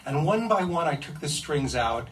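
A man telling a comic first-person adventure story in an animated, suspense-building way. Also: on the high side, moderate pace, a little hiss or hum. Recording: distant mic with faint ambience.

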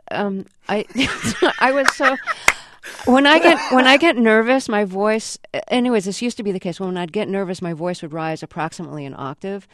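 A woman hosting a radio interview, asking measured, conversational questions. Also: medium pitch, expressive, fairly bright tone, slight background noise.

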